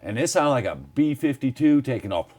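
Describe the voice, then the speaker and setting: A man in casual chat telling a story in an animated, profane way. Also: medium pitch, brisk. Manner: animated, profane anecdote teller.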